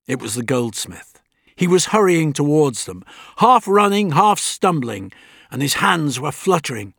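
A man reading a story aloud in a measured, dramatic narrating style. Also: on the high side, sing-song, creaky, fairly bright tone, no room sound, studio quality. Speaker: audiobook narrator. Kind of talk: scripted narration.

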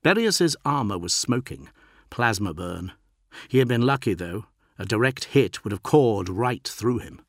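A man narrating an audiobook in a steady, dramatic reading. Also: lowish voice, unhurried, dry recording, clean studio sound.

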